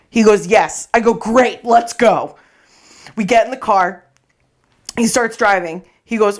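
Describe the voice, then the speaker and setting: A woman co-hosting a podcast, telling a funny story in casual chat, animated, swearing freely and acting out her own lines. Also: medium pitch, moderate pace. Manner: animated, swearing, acts out her own quotes, laughs often. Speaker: podcast co-host. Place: podcast recording space.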